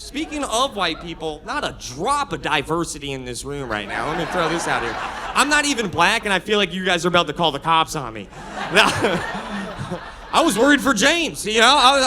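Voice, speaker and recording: Male stand-up comic, high and bright, chatty crowd work on a club stage, faint room noise. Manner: energetic, conversational, frequent laughs and restarts. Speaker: stand-up comedian.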